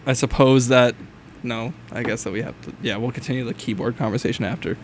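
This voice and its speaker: A young man hosting a college radio show, chatting in a relaxed, rambling way with plenty of fillers. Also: medium pitch, fast talker, slight background noise. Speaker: radio host. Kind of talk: casual college radio chat. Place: radio studio.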